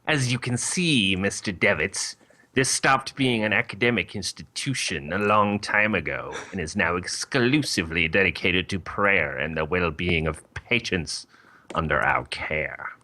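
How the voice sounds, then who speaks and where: A man's voice: sits low, animated, measured pace, pushed and bright, heavily acted. A man voicing a stern older nun who runs a nursing home, talking in a formal, cold and dismissive way.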